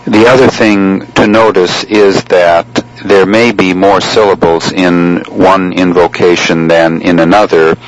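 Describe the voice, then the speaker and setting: A man teaching liturgical chant in a measured, explanatory way, pausing often between phrases. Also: deep voice, steady tone, a little hiss or hum, poor audio. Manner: measured, explanatory, with frequent pauses. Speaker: chant instructor. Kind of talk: spoken lesson on chant.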